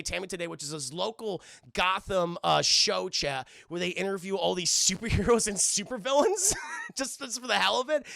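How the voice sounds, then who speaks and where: A man's voice: high voice, expressive, moderate pace, vocal fry, pushed and bright, no room sound, studio quality. A man streaming live, casually recapping a cartoon episode scene by scene, swearing freely and acting out the characters' lines. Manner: profane, rambling, acts out characters' lines.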